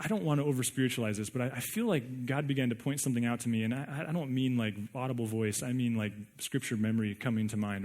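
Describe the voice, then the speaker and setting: Male pastor, mid-pitched voice, casual animated sermon delivery, lots of restarts. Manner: animated, conversational preaching with frequent restarts.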